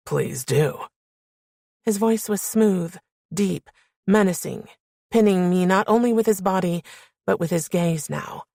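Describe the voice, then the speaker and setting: Low, gravelly woman narrating an audiobook. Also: no echo, studio quality. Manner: steady, intimate storytelling. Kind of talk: first-person romance novel narration.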